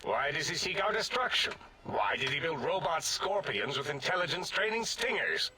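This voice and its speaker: An actor playing an eccentric, rambling male scientist in a video game, pompous and prone to contradicting himself, with a husky voice. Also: a little high, very animated, normal speed, pushed and bright, full character voice. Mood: indignant. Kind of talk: game character dialogue.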